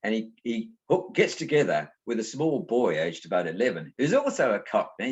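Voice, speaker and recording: A middle-aged man from New Zealand, a guest author talking casually in an interview and telling lively anecdotes. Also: lowish voice, moderate pace, dull audio. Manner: animated storyteller, acts out voices in anecdotes. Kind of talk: conversational interview.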